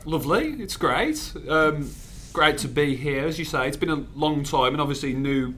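A man's voice: a little high, normal speed, pushed and bright. A man, a sports reporter, speaking hesitantly with many fillers as he joins a podcast. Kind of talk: casual chat.

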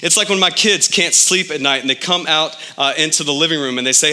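A man in his thirties preaching a sermon as pastor, animated, with his pitch jumping up for emphasis. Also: brisk.

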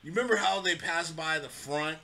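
A man co-hosting a casual podcast, with a very bright, ringing voice pitched a little above most men's. He talks in an animated, loose way, with easy swearing and frequent laughter. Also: a little fast, creaky. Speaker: podcast co-host. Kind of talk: casual chat.

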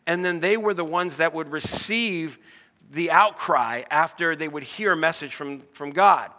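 A man's voice: on the high side, unhurried, sharp tone, big-room sound. A middle-aged American man preaching a sermon, in a conversational way and asking his congregation questions. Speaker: pastor.

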